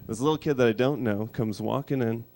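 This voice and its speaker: Dry, deadpan man in his thirties. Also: mid-range voice, fairly quick. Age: 30s. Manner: dry, deadpan delivery with restarts. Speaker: stand-up comedian. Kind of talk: stand-up comedy set. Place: music studio.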